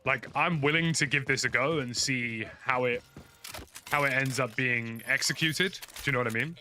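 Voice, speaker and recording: A man's voice: medium pitch, moderate pace, bright, forceful tone. Chatty British man over noisy game audio. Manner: chatty, rambling, frank opinions. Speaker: gaming streamer. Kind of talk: casual commentary while playing.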